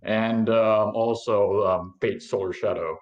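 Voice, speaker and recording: Low-voiced playful player on a muffled mic. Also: male voice, steady tone, takes it slowly.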